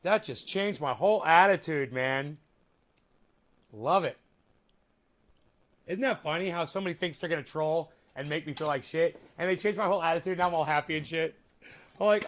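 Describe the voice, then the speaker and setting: A high-pitched man talks to his viewers in a loose, cursing vlog. He swings between shouted insults and quiet, low mumbling. Coughs break in now and then. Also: normal speed, long pauses. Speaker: vlogger. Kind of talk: casual vlog talk.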